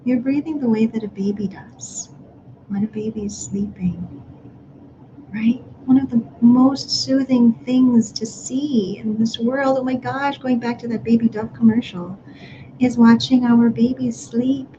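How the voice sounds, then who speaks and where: A woman speaking to parents in a live online workshop, gently guiding them through breathing exercises. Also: on the high side, steady tone, moderate pace, muffled recording, a little hiss or hum.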